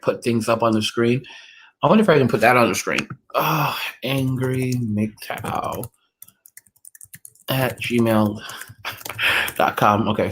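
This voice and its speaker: A man's voice: mid-range voice, a bit bright, husky. A man hosting a casual livestream, answering his chat in a rambling way with many fillers and restarts. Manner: rambling, heavy use of "like" and restarts. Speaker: livestream host reading chat.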